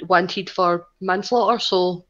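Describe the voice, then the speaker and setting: A woman's voice: lowish voice, steady tone, slow pace, a bit bright. Woman ranting about wrestling, swears a lot, kinda muffled lo-fi audio. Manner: rambling, sweary, lots of "like". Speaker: podcast co-host. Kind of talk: casual wrestling chat.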